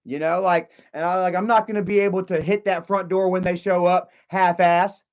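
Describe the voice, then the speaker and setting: A man's voice: sits high, steady tone, normal speed, highs cut off. A man livestreaming in casual chat, agitated and rambling, with many fillers and restarts. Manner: agitated and confrontational.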